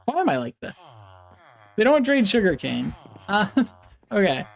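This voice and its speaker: Giggly, rambling streamer with a lively voice. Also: medium pitch, unhurried, vocal fry. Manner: giggly, rambling, makes playful animal noises. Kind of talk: casual live-stream chat while gaming.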